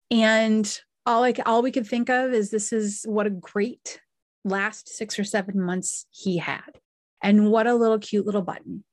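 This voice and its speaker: Medium-pitched woman host, heartfelt storyteller, dry close recording. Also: dry recording. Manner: emotional, heartfelt, with pauses and restarts. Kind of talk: personal storytelling.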